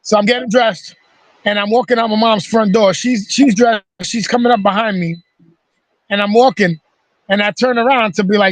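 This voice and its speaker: A man with a very high voice tells a rowdy, profane story over a video call. His voice is bone-dry and close, and he delivers it with animated, hands-on energy. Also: moderate pace, no echo. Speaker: host. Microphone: video call mic.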